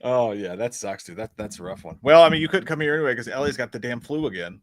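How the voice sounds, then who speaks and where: A man's voice: medium pitch, expressive, fast talker, no room sound. A man co-hosting a casual movie livestream, swearing casually and teasing his friend over a video call. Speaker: podcast co-host.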